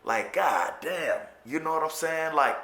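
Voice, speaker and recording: The recording has a roomy echo as a formerly incarcerated Chicago man recounts his life in a candid, profane monologue. His voice is a little high, animated and unhurried, sounding pushed and bright, and he often stammers and repeats words.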